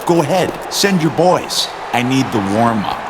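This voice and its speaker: A man's voice: mid-range voice, expressive, measured pace, lightly acted. An actor playing a defiant male wrestling champion in a video game, taunting and sarcastic. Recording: noisy game audio.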